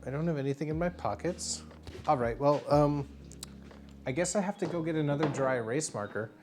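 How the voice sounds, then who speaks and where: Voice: mid-range voice, fairly quick, a little mellow, soft background music. A streamer acting as a bartender in a comedic livestream, rambling playfully and stumbling over fillers. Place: home streaming setup.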